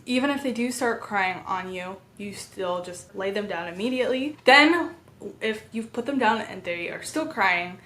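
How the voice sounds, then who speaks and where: A woman in her thirties calmly explaining a baby sleep method, earnest and step by step. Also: mid-range voice, moderate pace. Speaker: parenting educator. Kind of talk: instructional talk to camera.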